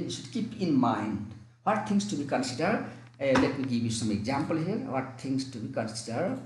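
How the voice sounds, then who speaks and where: A man with a Nepali accent teaching an online English lesson, repeating and restarting his phrases for emphasis. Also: a little high. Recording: echoey room.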